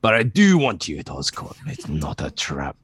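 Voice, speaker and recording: Brief: scheming older tycoon, low voice with a lively lilt and a wobbly brogue, read by a man. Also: moderate pace, breathy edge, heavily acted. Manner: theatrical, drifting in and out of the accent.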